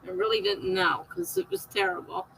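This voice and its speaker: A woman's voice: medium pitch, very animated, normal speed, vocal fry, fairly bright tone, slight background noise, poor audio. A middle-aged woman hosting a live stream, chatting casually with viewers, laughing often and reading out their comments.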